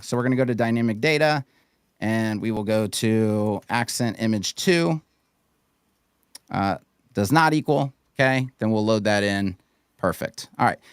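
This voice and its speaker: A man talks through a live build at speed, sure of every step. His voice is smooth and crisp. The sound is dry and close, with no room around it. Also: mid-range voice, dry recording. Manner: fast, confident technical walkthrough. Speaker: guest web designer. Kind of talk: live screen-share tutorial.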